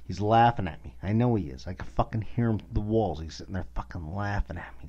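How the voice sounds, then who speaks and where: A man with a very low voice hosts a podcast and rants with anger, cursing in nearly every line. The audio sounds dull and lo-fi. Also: fast talker, hardly any pauses, warm tone. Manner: angry, swears constantly. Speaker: podcast host. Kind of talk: casual profane rant.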